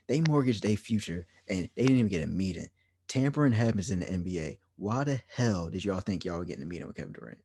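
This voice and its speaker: A man's voice: sits low, big pitch swings, fast talker, dark tone. A man co-hosting a sports podcast, ranting in an exasperated, repetitive way. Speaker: podcast co-host. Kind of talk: heated sports podcast rant.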